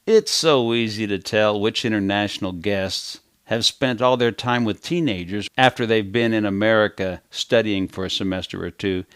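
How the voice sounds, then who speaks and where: A man's voice: fairly low pitch, normal speed, few pauses, fairly bright tone, clear, resonant tone, no room sound, studio quality. A man teaching a kids' language lesson in a playful, storytelling way.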